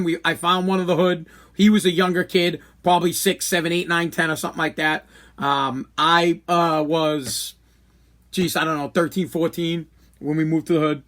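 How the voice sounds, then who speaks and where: A man's voice: fairly high pitch, fairly bright tone. A man, telling a long personal story on his podcast, candid and rambling, with many restarts. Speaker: podcast host. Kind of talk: casual storytelling monologue.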